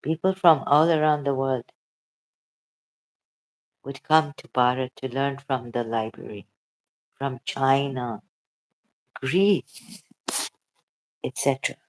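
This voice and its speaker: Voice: mid-range voice, slow pace, pauses often. A channel host talking emotionally and hesitantly in a casual livestream chat.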